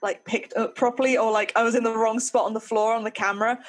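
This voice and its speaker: A woman's voice: fairly high pitch, steady tone, quick pace. A woman from Nottingham with a posh southern English accent, a podcast co-host and stand-up comedian chatting casually, self-mocking and laughing often. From Nottingham, England. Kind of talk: casual chat.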